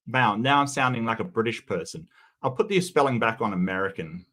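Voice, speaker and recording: An Australian man hosting a casual livestream commentary, easygoing and halting, often stammering and repeating words. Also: lowish voice, sing-song, sharp tone. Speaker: commentary host.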